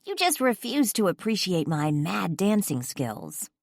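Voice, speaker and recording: A woman voicing a teasing, bubbly young female best friend in a lively way. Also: mid-range voice, a little slow, creaky, no echo, clean studio sound, voice pushed up, exaggerated voice.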